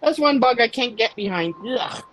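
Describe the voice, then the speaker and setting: A woman's voice: on the high side, lively intonation, normal speed, fairly bright tone, low-quality recording. A woman in a casual live chat who reads facts aloud and reacts squeamishly.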